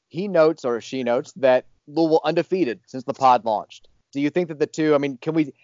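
A man's voice: mid-range voice, no echo, lo-fi sound. A man hosting a podcast, chatting casually and reading out listener reviews. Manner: easygoing, reads listener reviews. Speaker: podcast host.

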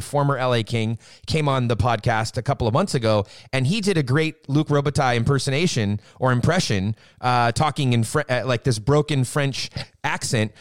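A man's voice: mid-range voice, dry recording. A man hosting a podcast interview, chatty and self-deprecating, laughing easily. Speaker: podcast host. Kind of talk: casual interview.

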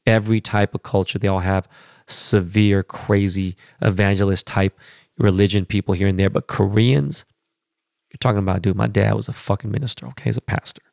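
A man hosts his podcast in loose, profane, rambling talk, giving blunt opinions. His voice sits low and gravelly with plenty of fry. The sound is dry and close, with no room echo. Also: fairly even intonation, brisk, a little mellow. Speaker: podcast host. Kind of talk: casual chat.

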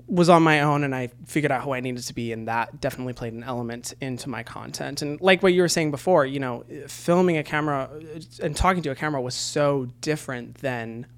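A young man in his twenties hosts a casual podcast conversation. His voice sits at an ordinary middle pitch, and he talks earnestly, circling his points with friendly fillers. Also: clean tone. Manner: earnest, chatty, frequent fillers. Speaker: podcast host. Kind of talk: casual interview chat.

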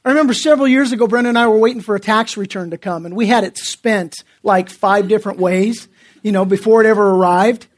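A middle-aged man with a notably high voice delivers a sermon as a pastor. He talks to the congregation in a loose, conversational way, often stumbling over and restarting his sentences. He leans on self-deprecating stories. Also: quick pace.

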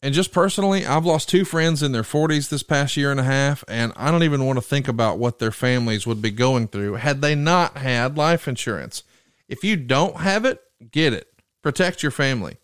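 Male podcast host, host-read ad, smooth, dry close mic, earnest pitch. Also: lively intonation, moderate pace, no echo. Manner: earnest, direct sales pitch.

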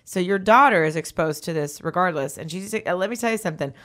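A woman's voice: fairly low pitch, fast talker, fairly bright tone. A woman co-hosting a podcast, chatting casually in a rambling, candid way and laughing often. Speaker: podcast co-host. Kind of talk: casual banter.

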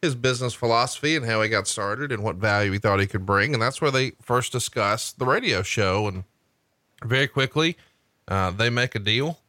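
A man co-hosting a podcast, recapping events in a plain, even storytelling way. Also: medium pitch, normal speed, no room sound. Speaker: podcast co-host. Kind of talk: casual narration of events.

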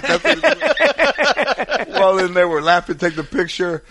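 A man's voice: high-pitched, moderate pace, a bit bright. A man chatting as a guest, telling rambling golf anecdotes with many restarts and fillers. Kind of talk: casual storytelling chat.

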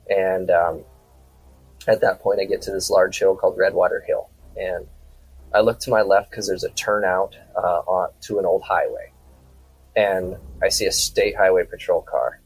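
A man's voice: sits low, level tone, normal speed, a little hiss or hum, low-quality recording. A man from South Dakota, a podcast guest, telling a story in a casual, rambling way full of quoted back-and-forth dialogue.

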